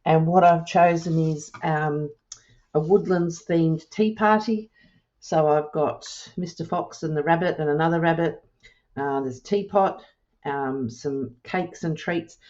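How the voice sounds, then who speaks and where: A woman hosting a crafting tutorial, explaining each step in a relaxed, chatty way and thinking aloud with small self-corrections. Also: low voice, muffled recording. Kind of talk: casual step-by-step demonstration.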